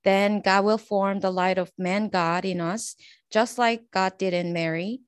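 A woman in a prayer group, sharing her devotional reflections earnestly with frequent pauses. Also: mid-range voice, fairly even intonation, smooth, dry recording.

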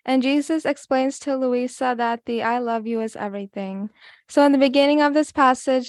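A woman's voice: fairly high pitch, dry recording, studio quality. Earnest woman sharing devotional reflections. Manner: earnest, many fillers, reads passages aloud. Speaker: guest speaker.

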